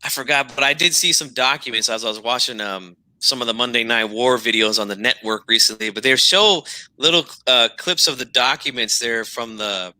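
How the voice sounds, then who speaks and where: A man hosting a casual wrestling talk show, telling stories in an animated way and often tacking on "man". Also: mid-range voice, moderate pace, no echo, low-quality recording. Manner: animated storyteller, says "man" a lot. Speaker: wrestling podcast host. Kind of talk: casual chat.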